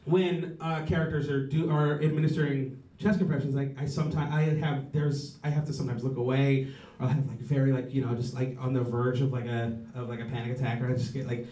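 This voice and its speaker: A man's voice: medium pitch, level tone, a little fast, dark tone. A man in his thirties doing stand-up, rambling and profane, often trailing off and restarting, mocking himself. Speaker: stand-up comedian. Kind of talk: stand-up set. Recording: roomy, mic heard from a distance.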